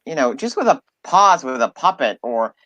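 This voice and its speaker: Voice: mid-range voice, big pitch swings, normal speed, bright, forceful tone, dull audio. An interviewer host who encourages the guest and asks questions in casual chat.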